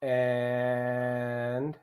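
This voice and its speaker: Mellow-voiced chatty man hosting a livestream. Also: mid-range voice, completely flat delivery, very slow. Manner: jokey, chatty, talks to chat and co-hosts. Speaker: livestream host. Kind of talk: casual live chat reading viewer comments.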